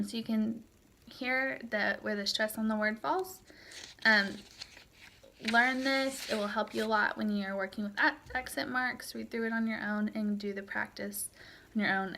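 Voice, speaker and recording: A woman's voice: mid-range voice, vocal fry, pushed and bright. A young woman teaching a recorded language lesson, explaining steadily with frequent ums. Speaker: Spanish teacher. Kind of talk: recorded lecture walkthrough.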